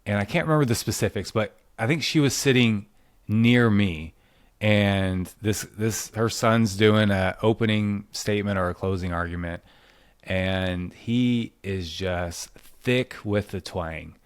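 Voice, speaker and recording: A man's voice: on the low side, measured pace, clear, resonant tone, dry recording, studio quality. A man hosting a casual podcast, telling stories in a chatty way and laughing often. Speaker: podcast host.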